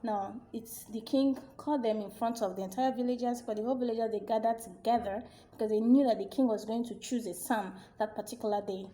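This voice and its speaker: A woman narrating a folk tale in an animated, expressive storytelling manner. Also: on the high side, fairly quick, hardly any pauses.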